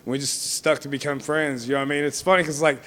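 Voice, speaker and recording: A man's voice: on the high side, fairly even intonation, fast talker, a bit bright, slight background noise. Young man rambling through wrestling stories. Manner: rambling, heavy on fillers like "you know what I mean"; laughs often while telling stories. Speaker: wrestler being interviewed. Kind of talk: casual storytelling interview.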